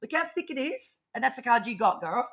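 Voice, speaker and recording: A woman doing a live tarot reading, talking fast and rambling, swearing freely as she goes. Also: on the high side, sing-song, a bit bright. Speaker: tarot reader co-host.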